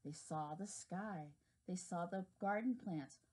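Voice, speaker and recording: A woman preschool teacher reading a children's storybook aloud with an expressive, animated delivery. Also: lowish voice, slow pace, breathy edge.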